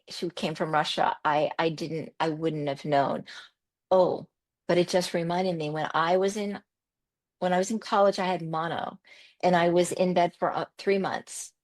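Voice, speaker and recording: A middle-aged woman telling personal stories in an animated conversational way, repeating words for emphasis. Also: lowish voice, unhurried. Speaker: podcast host as interview guest. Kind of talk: conversational storytelling.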